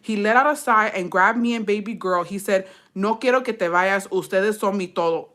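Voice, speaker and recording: A woman's voice: medium pitch, fairly quick, a bit bright. A young woman reading a storytime aloud in slangy, profane English with Spanish mixed in, breaking off to laugh and comment.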